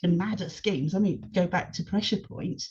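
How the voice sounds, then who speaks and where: A woman talks as a guest on a podcast, her voice husky and on the low side. She chats casually and with energy, walking through scenes she remembers. The recording sounds a little dull and lo-fi. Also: a little fast. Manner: engaged, animated retelling of scenes. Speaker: podcast guest, longtime fan. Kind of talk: casual chat.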